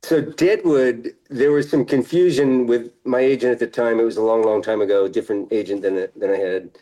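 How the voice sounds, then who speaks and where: A middle-aged man, an actor guest in a casual interview, relaxed and laughing often, sometimes trailing off mid-sentence. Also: mid-range voice, brisk, low-quality recording.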